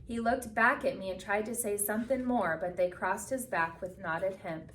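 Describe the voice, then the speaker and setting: A woman's voice: medium pitch, distant mic, slight background noise. Woman reading a picture book aloud in an echoey room. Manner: expressive storytelling, slows for solemn moments. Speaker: reader.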